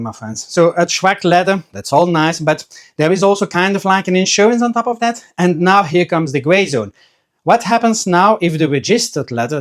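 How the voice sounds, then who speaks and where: A man who sells trading cards, talking casually to his viewers in a chatty, storytelling way, often restarting his sentences. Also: on the high side. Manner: chatty storyteller, acts out quoted voices, frequent restarts. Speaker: trading card seller and video host. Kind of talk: casual talk to camera.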